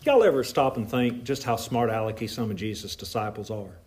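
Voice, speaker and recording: A man with a Southern Appalachian accent, preaching a sermon in a folksy, animated way with asides to the congregation. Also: on the low side, fairly quick. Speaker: pastor. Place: church.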